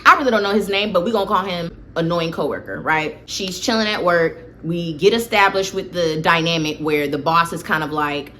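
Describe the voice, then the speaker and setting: A woman's voice: on the low side, a little fast, few pauses, fairly bright tone, slight background noise. A woman casually recapping a horror film for her channel, talkative and full of opinionated asides. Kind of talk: casual movie recap commentary.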